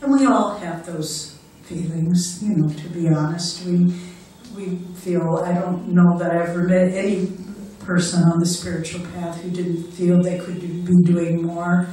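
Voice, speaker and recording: A woman's voice: lowish voice, fairly even intonation, a little slow, warm tone. An older woman who is a spiritual director, giving an earnest talk with stories that encourage her listeners. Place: lecture hall. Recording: very echoey hall, mic far off.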